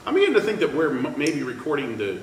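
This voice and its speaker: A man giving wry, deadpan mock sports commentary in a comedy sketch. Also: on the high side, fast, distant mic. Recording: echoey room with noise.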